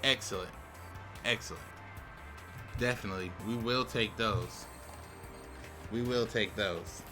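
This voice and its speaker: A young man hosting a casual video, chatting as he opens packs of game cards. He talks in a relaxed way, with sudden excited outbursts. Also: on the low side, unhurried, music in the background. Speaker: YouTube host. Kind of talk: casual commentary while opening game card packs.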